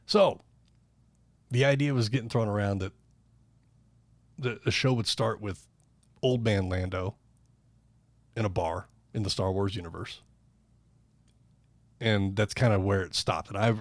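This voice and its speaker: A man's voice: fairly low pitch, unhurried, pauses often, no echo. A man co-hosting a casual podcast, telling rambling stories and swearing freely. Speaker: podcast co-host. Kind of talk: casual chat.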